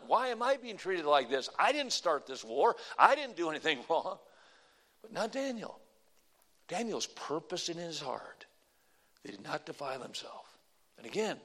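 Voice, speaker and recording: Animated high-voiced preacher, swinging loud and soft. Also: male voice. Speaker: pastor. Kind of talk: sermon.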